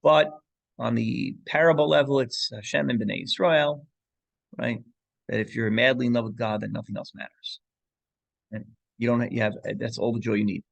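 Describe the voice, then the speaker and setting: A man leads a relaxed Torah class. His voice is gravelly, and the recording sounds close and dry. He wanders through a story with restarts and asides and drops Hebrew and Yiddish phrases into his English. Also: mid-range voice, no room sound. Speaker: rabbi teaching a class.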